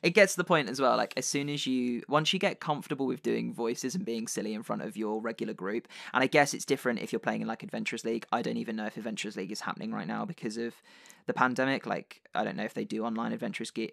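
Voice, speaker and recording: A man's voice: mid-range voice, steady tone, quick pace, gravelly, a bit bright, dry recording, studio quality. A man hosting a podcast, chatting casually with lots of fillers and restarts. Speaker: podcast host and dungeon master.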